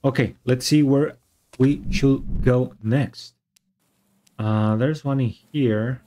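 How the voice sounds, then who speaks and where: A man streaming a game, excitable and swearing, yelling at the monster and switching between English and Spanish. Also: medium pitch, slow. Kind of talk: live gameplay commentary.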